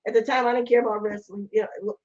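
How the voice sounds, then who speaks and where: A woman's voice: a little high, fast. Chatty woman host on dull lo-fi audio. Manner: chatty and excitable. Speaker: talk show host. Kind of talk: casual interview chat.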